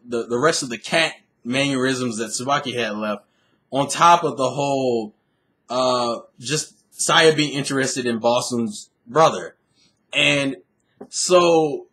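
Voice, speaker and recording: A man's voice: a little high, sharp tone. A young man casually recapping an anime episode, rambling, swearing freely and laughing often. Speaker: anime reviewer.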